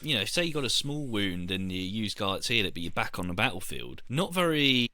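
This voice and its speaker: A man's voice: fairly low pitch, big pitch swings, fairly quick, sharp tone. A British man co-hosting a casual podcast, playful and enthusiastic with jokey asides. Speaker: podcast co-host. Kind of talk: casual chat.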